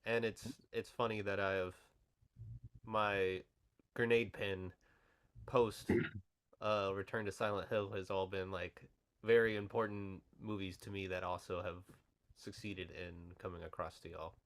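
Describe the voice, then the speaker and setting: A man's voice: low-pitched, level tone, unhurried, fairly bright tone. A man hosting a podcast in casual chat, joking loosely and swearing freely. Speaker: podcast host.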